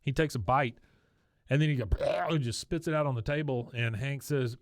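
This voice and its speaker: A man co-hosting a podcast, retelling a cartoon episode in a lively, casual way and often chuckling. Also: medium pitch, moderate pace, dry recording, studio quality. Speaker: podcast co-host. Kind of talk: casual episode recap chat.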